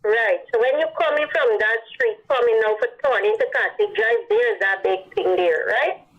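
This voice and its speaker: A woman's voice: on the high side, animated, moderate pace. A woman caller with a Guyanese accent, earnestly rambling about a worrying problem on a call-in show. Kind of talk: call-in radio complaint. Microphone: phone line. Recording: muffled phone line.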